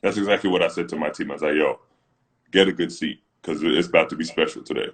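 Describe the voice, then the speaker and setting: Deep-voiced man telling animated stories. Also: fast talker. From Britain. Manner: animated storyteller acting out quotes, laughing often. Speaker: co-host, former pro basketball player. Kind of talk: casual livestream chat. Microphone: phone on a live video stream.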